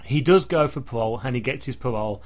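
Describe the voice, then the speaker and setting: A man's voice: mid-range voice, fast. A man hosting a casual podcast, recapping a sitcom in a rambling way. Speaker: podcast host. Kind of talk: casual chat.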